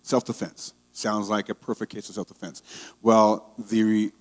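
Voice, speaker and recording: A man's voice: lowish voice, little pitch movement, measured pace. A male pastor preaching a conversational sermon, telling stories and growing heated. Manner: conversational storytelling, grows heated.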